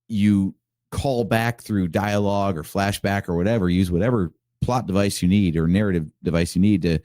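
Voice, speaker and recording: A man in casual podcast chat, cracking jokes and walking through his reasoning. His voice is fairly low and mellow. It is recorded dry and close. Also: no room sound. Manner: joking, analytical. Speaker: podcast co-host.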